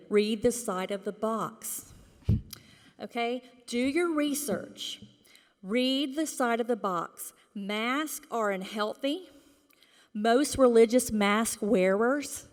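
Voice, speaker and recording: A woman speaks slowly and deliberately into a podium microphone at a school board meeting, her comment emphatic and indignant, at times sinking to a whisper. Her voice carries a long reverb from the meeting hall. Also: fairly high pitch. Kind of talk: impassioned public comment.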